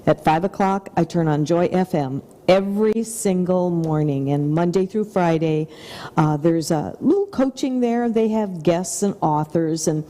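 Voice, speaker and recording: A woman's voice: on the low side, unhurried, long reverb tail. A middle-aged woman co-hosting a talk show, speaking in an effusive, upbeat motivational way. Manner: effusive and upbeat, with soft whispered asides. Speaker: TV show co-host.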